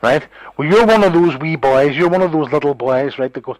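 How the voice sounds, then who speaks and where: Scornful, swearing man, high voice. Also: fairly quick, few pauses, no room sound, poor audio. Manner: profane, scornful, combative. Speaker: phone call participant. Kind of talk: heated phone argument.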